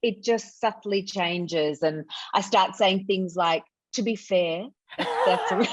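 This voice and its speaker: A woman's voice: medium pitch, big pitch swings, measured pace, highs cut off. A middle-aged woman with an Australian accent, a psychologist guest chatting easily and laughing often. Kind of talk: casual interview chat.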